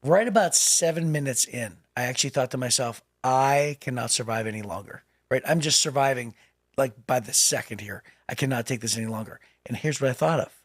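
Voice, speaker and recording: A man's voice: mid-range voice, fairly quick, no room sound, studio quality. A man co-hosting a podcast, telling a personal story in casual chat with lots of laughs. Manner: storytelling, animated, laughs often. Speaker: podcast co-host.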